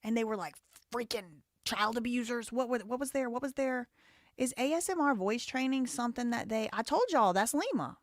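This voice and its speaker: A woman's voice: on the high side, animated, moderate pace, no room sound. A woman hosting a live commentary show, talking in a heated, blunt and profane way. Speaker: show host.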